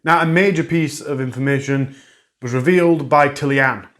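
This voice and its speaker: A man's voice: medium pitch, moderate pace, a bit bright. A man hosting a true crime channel, talking viewers through a case update in a conversational way and correcting his own earlier slips. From England. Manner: conversational, recapping and correcting himself, regional grammar.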